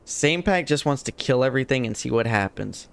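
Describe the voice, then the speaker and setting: A young adult man streaming a game live, chatting casually and jokingly, swinging between excited highs and low muttered asides. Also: brisk, gravelly, clean tone, no echo.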